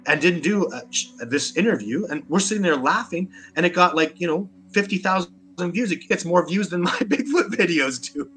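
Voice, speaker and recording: This interview guest, a Sasquatch researcher with a Canadian accent, argues animatedly and forcefully, doubling up words when he gets heated. His voice sits high with lively intonation, a bit bright, at normal speed.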